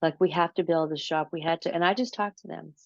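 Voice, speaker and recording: Low-voiced woman telling a story. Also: fast, gravelly, no echo, muffled recording. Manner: animated, repeats words, acts out her own quotes. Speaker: interview guest. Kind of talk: casual storytelling.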